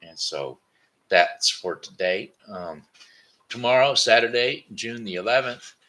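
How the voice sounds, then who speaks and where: Rambling man, deep bright voice. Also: animated, measured pace. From Missouri, United States. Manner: repeats words, stumbles and corrects himself. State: tired, sleepy. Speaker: host of a daily home broadcast. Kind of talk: rambling casual monologue. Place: at home.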